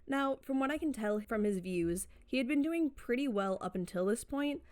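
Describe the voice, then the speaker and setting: A woman's voice: fairly high pitch, expressive, normal speed, darkish tone. A woman narrating a casual commentary video essay, chatty and digressive with playful sarcasm. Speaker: commentary YouTuber.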